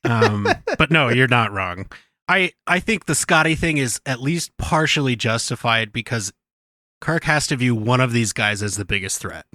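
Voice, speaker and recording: A man's voice: mid-range voice, animated, moderate pace, bright, forceful tone, dry recording. A man co-hosting a podcast, chatting casually with wry, joking asides. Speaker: podcast co-host. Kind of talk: casual chat.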